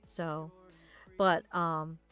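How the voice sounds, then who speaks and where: Animated woman telling stories. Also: deep voice, very slow, faint music behind. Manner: animated, acts out quoted lines. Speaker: streamer. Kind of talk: casual storytelling while painting.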